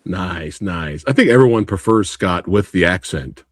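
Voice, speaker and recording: A young man hosting a podcast interview in casual chat, excitable and quick to laugh. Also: deep voice, dry recording, studio quality. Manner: excitable, laughs often, calls guest bro and dude. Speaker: podcast host.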